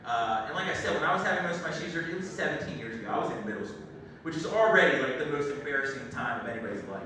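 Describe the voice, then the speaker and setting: A young adult man doing a stand-up comedy set on a theater stage, telling stories in an animated way and acting out the people in them. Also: fairly high pitch, racing. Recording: echoey, distant room recording with background noise. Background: audience laughter and room ambience.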